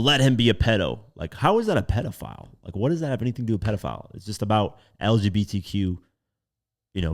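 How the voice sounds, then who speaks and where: Deep-voiced exasperated podcast host. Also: male voice. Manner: animated, exasperated, casual swearing. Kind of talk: casual commentary podcast.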